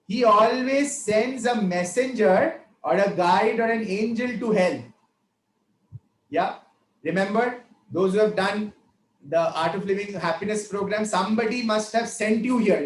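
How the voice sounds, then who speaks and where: A man's voice: high voice, echoey room, slight background noise, rough recording. A man, a spiritual teacher telling a devotional story in a conversational way that keeps checking in with listeners.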